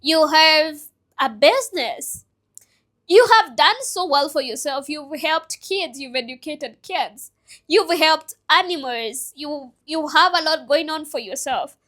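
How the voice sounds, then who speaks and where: A woman voicing her supportive male therapist in her own bright, high voice. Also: expressive, slow pace, full character voice. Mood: encouraging.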